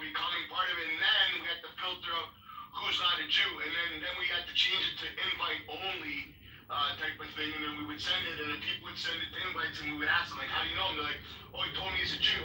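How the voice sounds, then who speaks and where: A man's voice: on the high side, recorded from a distance. A man telling stories in a casual, rambling chat, swearing freely and acting out what people said. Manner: animated, profane, rambling storyteller. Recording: echoey room, voice off-mic.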